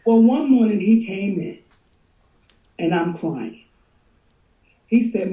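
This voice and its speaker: A middle-aged woman telling stories as a guest in a casual chat, animated, laughing often and cursing freely. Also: mid-range voice, measured pace, pauses often, far from the mic. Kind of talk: storytelling chat. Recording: echoey room.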